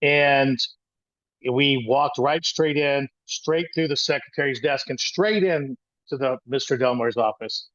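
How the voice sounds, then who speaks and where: An older man in his sixties tells a story from his own childhood, wandering and halting as he goes, with plenty of restarts. The sound is dry and a little dull, with no room around his voice. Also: mid-range voice, fairly bright tone, no room sound. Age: 60s. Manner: rambling, halting with frequent restarts. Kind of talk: personal storytelling talk.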